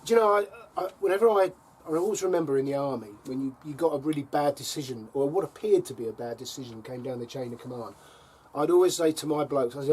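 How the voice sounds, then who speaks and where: A man's voice: mid-range voice, fast, few pauses, a little mellow, breathy edge. A middle-aged man chatting casually to camera on his allotment, telling wry stories and chuckling between them. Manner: wry, chuckling storyteller with dry jabs. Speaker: allotment vlogger. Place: allotment plot by a fire.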